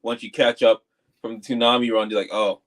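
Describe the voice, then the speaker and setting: A man's voice: medium pitch, flat delivery, fairly quick, a bit bright, a little hiss or hum, rough recording. A man co-hosting a live fan review show, chatting casually and animatedly, jumping into quoted voices. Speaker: co-host.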